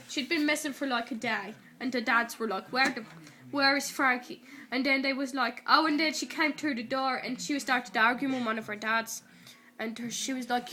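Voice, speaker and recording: A woman's voice: high-pitched, fairly even intonation, moderate pace, bright, forceful tone. A woman with an Irish accent casually retelling a TV episode to someone filming her, stringing events together with "and then" and "like" and giggling along the way. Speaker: person retelling a TV episode to camera. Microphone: handheld camera recording.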